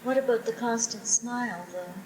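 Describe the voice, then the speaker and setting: A woman's voice: on the high side, normal speed, darkish tone, slight background noise, poor audio. A woman interviewer prompting a storyteller with brief questions.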